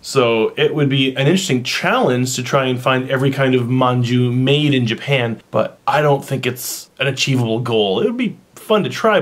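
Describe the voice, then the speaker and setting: A man casually chatting while tasting and describing a snack for his vlog, recorded on a camera mic at home. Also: medium pitch. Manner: chatty, rambling, eats on camera. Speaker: vlogger.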